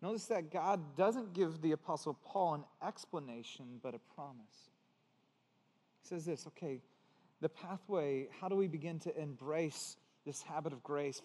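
A man preaching a sermon as pastor, earnest, moving between hushed and emphatic passages. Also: on the high side, big-room sound.

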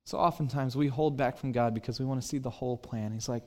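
A middle-aged man preaching a sermon as pastor, telling a personal story and acting out the dialogue, swinging between quiet and loud. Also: mid-range voice, steady tone, fast talker.

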